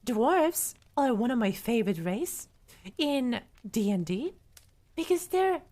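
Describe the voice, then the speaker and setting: A young woman streamer reading aloud softly for ASMR, breaking into chatty asides to her chat, close to a studio microphone. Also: fairly high pitch, very animated, takes it slowly. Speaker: livestreamer.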